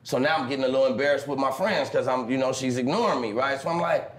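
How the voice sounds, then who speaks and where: A man's voice: medium pitch, fast, few pauses, fairly bright tone, reverberant, slight background noise. A man being interviewed, telling stories with lots of swearing and acting out other people's voices. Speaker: interviewed pimp. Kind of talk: animated storytelling. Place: interview clip played on a stream.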